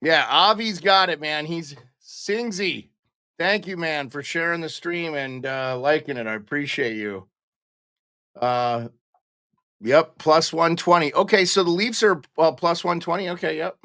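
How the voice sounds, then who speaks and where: A man's voice: on the high side, a little slow, bright, forceful tone, dry recording, clean studio sound. Chatty man hosting a live stream. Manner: chatty, greets viewers by name. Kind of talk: casual pre-game live stream chat.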